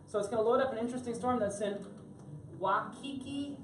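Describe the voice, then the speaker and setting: A woman's voice: fairly high pitch, brisk, roomy sound, noisy background. A woman from Florida giving a chatty, joking live tech talk to an audience in a room on a cruise ship. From Florida, USA. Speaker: tech presenter.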